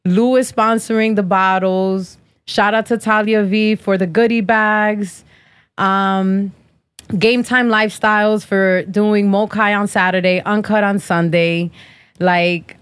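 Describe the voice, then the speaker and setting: With no room sound in the background, a mid-range female voice carries this podcast. The host, a woman in her thirties, swears freely and talks bluntly, dishing sassy trash talk between casual banter and sponsor segments.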